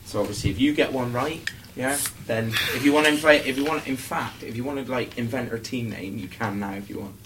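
A man's voice: medium pitch, fairly quick, distant mic. A man hosting a quiz on a student podcast, chatty and giggly, with lots of fillers. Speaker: quiz host. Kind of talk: casual student podcast chat. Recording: noisy room, speaker a little off-mic.

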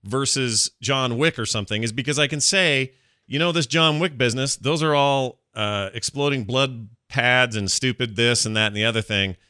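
A man's voice: mid-range voice, moderate pace, bright, forceful tone, smooth, no echo, studio quality. A middle-aged man chatting casually as a podcast co-host, rambling with many restarts. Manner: rambling, restarts, laughs a lot. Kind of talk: casual chat.

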